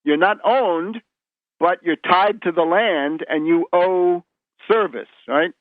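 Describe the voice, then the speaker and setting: A man's voice: sits high, takes it slowly, no room sound. Man lecturing over a tinny phone line. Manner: lecturing, with frequent word restarts and tag "right?". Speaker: guest historian. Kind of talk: radio interview explanation.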